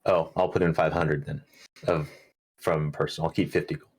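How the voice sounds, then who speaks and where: A man playing a tabletop game, talking things through in a measured way. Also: extremely low pitch, little pitch movement, husky. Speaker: player. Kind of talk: casual tabletop game chat.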